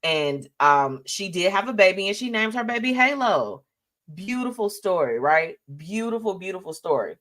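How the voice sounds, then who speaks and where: Viewer comments get read aloud as this woman hosts a live show, chatting about celebrity news in an animated, sassy, casual way. Her voice is mid-range and her pace moderate.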